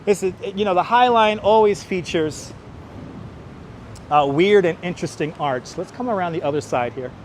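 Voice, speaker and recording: A man with a high, animated voice talks at normal speed over slight background noise. He's hosting a walking livestream along a city park path, joking with viewers, thanking them by name and breaking into playful song. He wears a wireless clip-on mic, with his phone on a gimbal.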